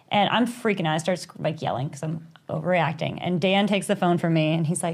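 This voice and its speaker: A woman, co-hosting a podcast in casual chat, telling a story animatedly and acting out quoted voices with sudden high pitch jumps. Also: fairly quick, few pauses, darkish tone. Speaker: podcast co-host.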